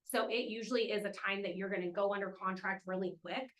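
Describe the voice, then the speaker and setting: A woman's voice: medium pitch, steady tone, a bit bright, low-quality recording. A woman hosting a team meeting, reading out award winners in an upbeat way and cheering them on. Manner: upbeat, cheers names with quick whoops. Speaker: meeting host announcing awards.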